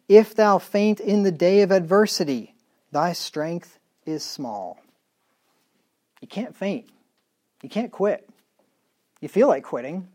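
Emphatic preaching pastor, man. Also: fairly high pitch. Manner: emphatic preaching, reads scripture in slow measured tones, drops to quiet asides. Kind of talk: sermon.

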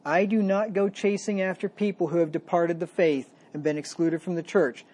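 A man delivers a sermon in a mellow, warm voice. He slows down to read scripture with weight, then speaks conversationally as he explains each verse. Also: sits high, fairly even intonation. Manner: reads scripture slowly and with emphasis, then explains plainly; conversational preaching. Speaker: pastor.

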